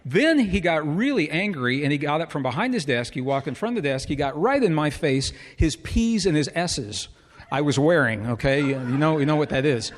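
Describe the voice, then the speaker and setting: A middle-aged man earnestly tells a personal story to a live audience, frequently posing rhetorical questions to them. His slightly high voice is animated at a normal pace, and the recording carries a long hall reverb.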